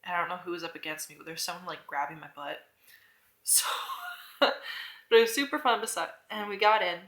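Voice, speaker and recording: A woman's voice: fairly low pitch, a little fast, a bit bright. Rambling young woman in an echoey room. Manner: chatty, rambling, hesitant with frequent "I don't know" and laughs. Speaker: vlogger. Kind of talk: casual rant to camera.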